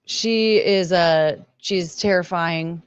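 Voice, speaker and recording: Woman livestream host; rambling, emotional, salty; lowish voice, dry close recording. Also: slow, clean tone, no echo, lo-fi sound. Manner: rambling, emotional, swears freely. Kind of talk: casual livestream commentary.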